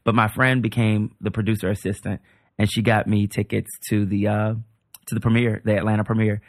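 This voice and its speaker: A male comedian, a podcast guest, telling an animated, rambling story in casual chat. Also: fairly low pitch, fairly quick, no echo, studio quality.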